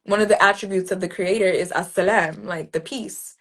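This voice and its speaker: A woman's voice: mid-range voice, steady tone, brisk, fairly bright tone. Earnest woman poet telling a story. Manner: casual, earnest, many "like"s and restarts. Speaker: poet, interview guest. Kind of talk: reflective conversational storytelling.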